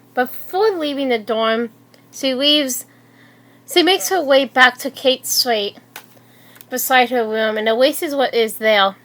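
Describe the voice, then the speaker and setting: A woman reading a fan story aloud in an unhurried, slightly halting way. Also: on the high side, fairly bright tone.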